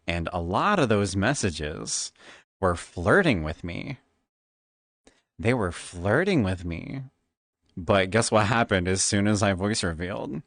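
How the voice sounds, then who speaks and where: A flamboyant man chatting on stream, a little tipsy and slipping into a Valley Girl lilt. His pitch swoops up and down with a lot of life, and the sound is dry and close, with no room echo. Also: takes it slowly. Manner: flamboyant, animated. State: tipsy from drinking. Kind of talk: casual stream chat.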